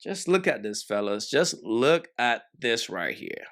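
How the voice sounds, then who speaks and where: A man's voice: mid-range voice, big pitch swings, measured pace, a bit bright. Slangy man reacting to a dating clip. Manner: slangy, emphatic, talks straight to the viewers. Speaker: reaction video host. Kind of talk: casual reaction commentary.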